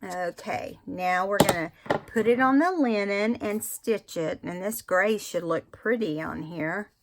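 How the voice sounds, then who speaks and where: A woman's voice: medium pitch, unhurried, background noise. A woman hosting a casual crafting tutorial, chatting to viewers and correcting herself as she works. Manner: chatty, self-correcting, talks to viewers while working. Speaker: craft video host.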